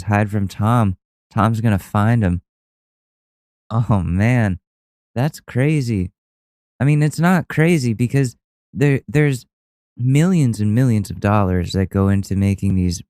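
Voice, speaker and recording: A man's voice: fairly low pitch, warm tone, clean tone, no room sound. A podcast host, a man, casually reacting to viral videos with loose, profane, laughing commentary.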